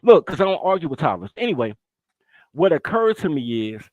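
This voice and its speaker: Pissed off guy cussing on a stream, fairly high voice jumping all over. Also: sing-song, fairly quick, no echo, lo-fi sound. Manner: angry, profane trash talk. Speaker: co-host. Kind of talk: heated live-stream argument.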